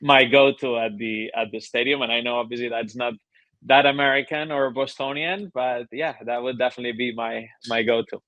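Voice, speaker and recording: A man from Spain with a Spanish accent, a club general manager chatting as a guest in an interview, relaxed and hesitant with fillers and restarts. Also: mid-range voice, fairly quick, dry recording, lo-fi sound. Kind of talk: casual interview chat.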